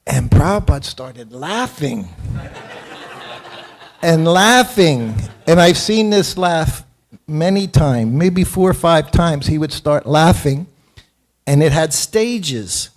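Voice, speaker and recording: A man's voice: fairly high pitch, expressive, takes it slowly. Older man telling stories with chuckles. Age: 70s. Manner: anecdotal, self-deprecating, chuckles often. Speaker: devotee speaker giving a morning class. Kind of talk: storytelling temple class. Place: temple hall.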